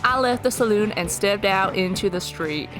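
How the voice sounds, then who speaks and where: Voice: mid-range voice, normal speed, music in the background. A streamer reading a western story game aloud, with playful asides.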